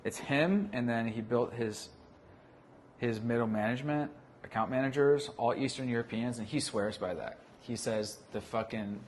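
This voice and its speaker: A man in casual business chat, animated and loose with swear words. His voice sits at an ordinary pitch, with a faint hiss of noise behind him. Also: normal speed. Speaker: vlogcast host, agency owner.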